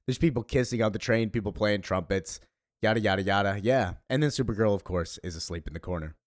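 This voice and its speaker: A man's voice: on the low side, fast talker, dry recording, studio quality. A man giving chatty, loose commentary on a comic he reads along, with fillers and asides. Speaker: comic book reviewer.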